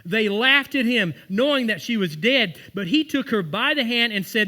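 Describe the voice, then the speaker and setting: A man's voice: high voice, expressive, normal speed, few pauses, bright, forceful tone. A man preaching a sermon in church, telling stories and acting out the voices of the people in them. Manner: storytelling, acting out quoted voices. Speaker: pastor. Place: church sanctuary.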